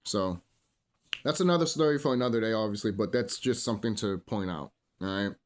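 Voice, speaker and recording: A man's voice: on the low side, brisk. A man ranting in a solo monologue, profane and rambling, full of fillers, preaching to his listeners as brothers and sisters. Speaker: vlogger.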